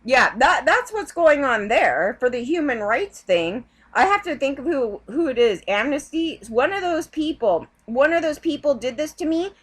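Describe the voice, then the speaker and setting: A young woman vents on her vlog in a heated, rambling rant full of swearing. Her voice sits high and leaps all over the place as she talks. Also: sing-song, moderate pace, hardly any pauses. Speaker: vlogger. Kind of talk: ranting vlog.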